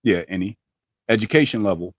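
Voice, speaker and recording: A man's voice: fairly low pitch, animated, a little fast, slightly rough, no room sound. Playful man hosting a dating quiz. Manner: playful, loose slang, teasing. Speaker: podcast host running a dating quiz. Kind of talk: casual group chat on a video call.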